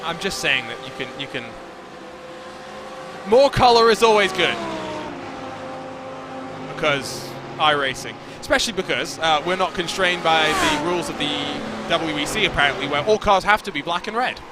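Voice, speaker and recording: A race commentator calls the action in a sim racing broadcast, joking with his co-host in lively banter. His voice is a little high and a little fast, with few pauses, and race car noise runs in the background.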